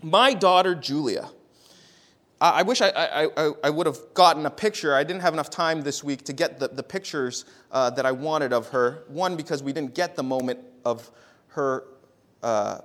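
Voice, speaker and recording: A man in his thirties preaching a sermon, telling stories with big swings between loud and quiet, often repeating words as he restarts. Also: fairly high pitch, normal speed. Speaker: pastor. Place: church.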